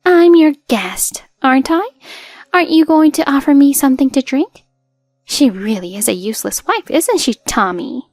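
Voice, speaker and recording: A high, sugary voice belongs to a smug, spoiled teenage girl, as a woman narrator puts her on. She talks in a cutesy, mocking way over faint music, close and dry. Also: big pitch swings, unhurried, dry recording, heavily acted. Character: spoiled bratty teenage younger sister, sassy and smug.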